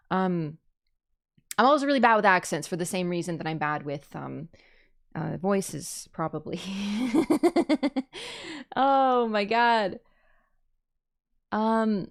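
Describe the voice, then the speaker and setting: A woman talking through a trailer as a YouTuber, rambling and gushing. Her voice sits at an ordinary middle pitch. She swings from loud bursts of excitement into hushed, half-whispered asides. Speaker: YouTuber reacting to a game trailer. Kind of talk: excited casual reaction commentary.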